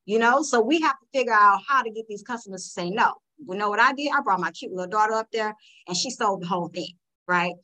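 A woman on a podcast panel, telling animated stories and acting out customers' lines. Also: mid-range voice, fast, low-quality recording. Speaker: panel guest. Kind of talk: casual podcast discussion.

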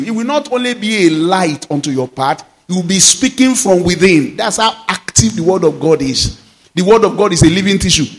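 Man, pastor, sermon, high voice, drawn-out emphasis. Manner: preaching with slow, drawn-out emphasis on scripture.

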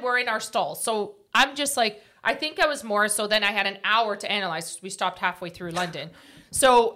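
A woman's voice: fairly high pitch, pushed and bright. A woman co-hosting a casual podcast, telling stories and acting out quotes. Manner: chatty storyteller, acts out quotes. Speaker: podcast co-host.

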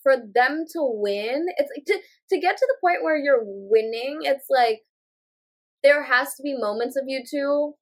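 A woman's voice: high voice, unhurried. A woman co-hosting a podcast, reasoning aloud in casual chat with many fillers. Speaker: podcast co-host.

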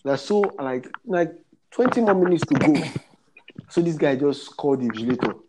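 A young Nigerian man telling a comic story in casual chat, animated and laughing as he goes. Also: fairly high pitch, brisk, background noise. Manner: animated, laughs through his story, mixes pidgin. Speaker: comedian.

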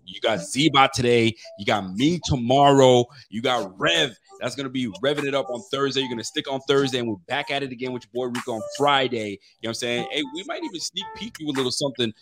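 A man's voice: medium pitch, fast talker, few pauses, fairly bright tone, a little hiss or hum. A man co-hosting a sports podcast, chatting and telling stories in a laid-back way. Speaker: podcast co-host. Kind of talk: casual storytelling chat.

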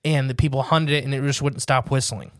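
A man's voice: medium pitch, level tone, fairly bright tone, smooth, no echo, studio quality. Rambling man on a podcast. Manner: rambling, jokey, slows to stress details. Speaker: podcast co-host. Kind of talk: casual podcast chat.

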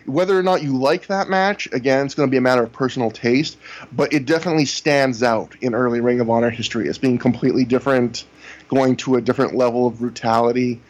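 A man in casual podcast conversation, walking through events in long recaps. His pitch sits in the middle range, and he leans on "you know" as he goes. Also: quick pace. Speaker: podcast co-host reviewing wrestling shows. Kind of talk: casual chat.

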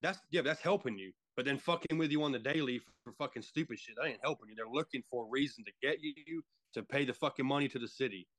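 A man's voice: medium pitch, fast, few pauses, fairly bright tone, dry recording. A man in a casual podcast chat, ranting heatedly and swearing heavily. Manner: heated, profane rant.

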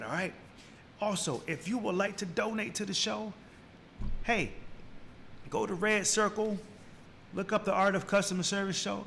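A man hosting a podcast, giving a preachy motivational talk, repeating key lines and building from slow and low to loud and high. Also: creaky, slight background noise. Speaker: podcast host.

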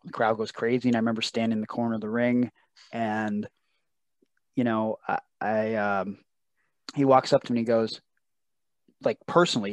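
A man in his thirties with a fairly low voice, a wrestler appearing as a podcast guest, tells a personal story earnestly and emotionally. He acts out what others said in this casual storytelling interview, recorded dry.

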